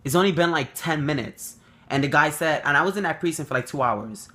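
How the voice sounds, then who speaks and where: Bright-voiced New guy telling a story. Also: a little fast. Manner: animated, swears freely, acts out quotes with big jumps up in pitch. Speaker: vlogger. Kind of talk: casual storytelling to camera.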